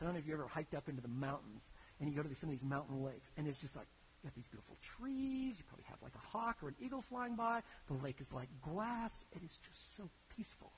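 A preacher telling stories in a sermon, in an animated, conversational way that builds to emphatic peaks. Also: medium pitch, slight background noise, poor audio. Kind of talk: sermon storytelling.

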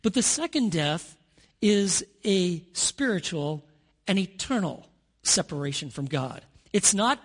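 Pastor, male, earnest sermon delivery with dramatic pauses; somewhat raised pitch. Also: expressive, husky. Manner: earnest preaching with dramatic pauses and rising emphasis.

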